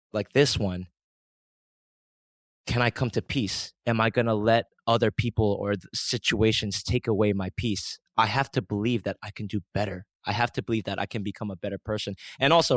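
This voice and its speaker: A man with a lowish voice talks through a personal lesson in an earnest, almost sermon-like way. The sound is dry and close. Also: no echo. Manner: earnest and preachy, mimics his angry self in a raised voice. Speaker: podcast host. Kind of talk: reflective monologue.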